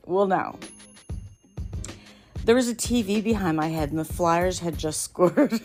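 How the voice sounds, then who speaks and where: A woman hosting a podcast, telling embarrassing stories in a casual monologue, often laughing, her voice jumping high when she gets excited. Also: unhurried, long pauses, faint music behind. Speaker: podcast host.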